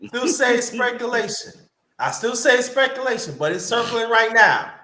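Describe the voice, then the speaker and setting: A man hosting a casual football chat, animated and swearing, often restarting his sentences. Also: very high voice, moderate pace, roomy sound.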